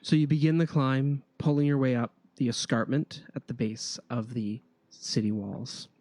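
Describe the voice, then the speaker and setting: A man runs a tabletop game, describing each scene in a measured, unhurried way. His voice sits at an ordinary middle pitch. The sound is close and dry, with no room around it. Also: fairly even intonation, darkish tone, no room sound. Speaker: game master.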